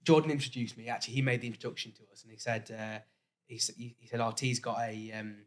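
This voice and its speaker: A man who is a company managing director, chatting casually with his guest and chiming in with quick agreement. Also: mid-range voice, flat delivery. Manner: quick, agreeable, chips in often. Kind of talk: casual interview chat.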